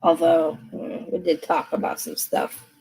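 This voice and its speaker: A woman's voice: fairly low pitch, flat delivery, a little slow, vocal fry, warm tone, a little hiss or hum, rough recording. A woman giving a casual live tarot reading from her desk, chatty and reassuring, often checking in with the listener. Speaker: tarot card reader. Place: seated at a desk.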